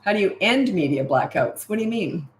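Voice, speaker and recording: A middle-aged woman who coaches parents, answering viewer questions in a breezy, matter-of-fact way and acting out parent lines in a bright sing-song. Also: mid-range voice, animated, brisk, a little hiss or hum. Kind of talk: casual Q&A livestream. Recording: echoey room.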